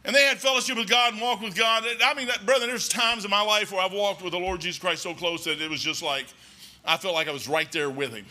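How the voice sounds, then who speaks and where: A man's voice: high voice, quick pace, pushed and bright. A man preaching a folksy, rambling sermon in a church, talking emphatically and conversationally.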